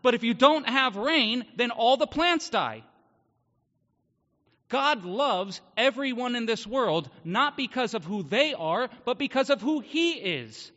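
High-voiced preacher man, booming hall. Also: animated, slow pace, bright, forceful tone. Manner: earnest, emphatic preaching with rhetorical questions. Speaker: pastor. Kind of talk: sermon. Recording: muffled sound with long hall reverb.

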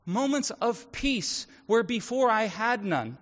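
A man's voice: high-pitched, sing-song, slow pace, fairly bright tone. A man preaching a sermon in a church, talking conversationally and acting out the voices of the people in his stories. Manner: conversational, acts out quoted voices. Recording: echoey hall, dull audio.

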